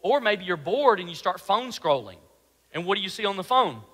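High-voiced, bright male preacher in a hall. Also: moderate pace. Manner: animated preaching, rhetorical questions, drops to a soft low voice. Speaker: pastor. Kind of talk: sermon.

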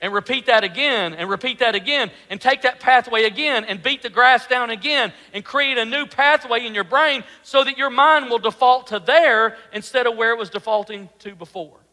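High-voiced, bright male preacher in a hall. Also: moderate pace, few pauses. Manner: animated preaching, rhetorical questions, drops to a soft low voice. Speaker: pastor. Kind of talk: sermon.

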